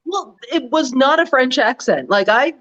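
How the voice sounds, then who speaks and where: A woman's voice: high-pitched, animated, moderate pace, a bit bright. A woman co-hosting a casual political chat over a video call, blunt and wry, with lots of "like" and "um". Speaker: co-host. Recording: dull lo-fi audio.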